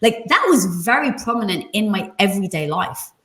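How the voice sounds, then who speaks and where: Guest, woman in her forties, vivid storyteller who mimics the people she quotes; her voice rings in a roomy space. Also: a little fast. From London, England. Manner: animated, acts out quoted voices with jumps in pitch. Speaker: podcast guest. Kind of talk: reflective storytelling interview. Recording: roomy echo.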